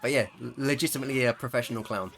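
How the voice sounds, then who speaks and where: A man's voice: mid-range voice, very fast, vocal fry, a bit bright, soft background music. A man telling a casual, chuckling anecdote over gameplay, full of fillers and asides. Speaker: gaming video creator. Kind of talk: storytelling over gameplay commentary.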